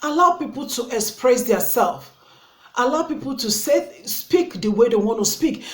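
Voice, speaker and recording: A woman's voice: fairly high pitch, lively intonation, normal speed. A woman from Africa with an African English accent, scolding her critics in an opinion vlog, full of rhetorical questions. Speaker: YouTuber. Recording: echoey room.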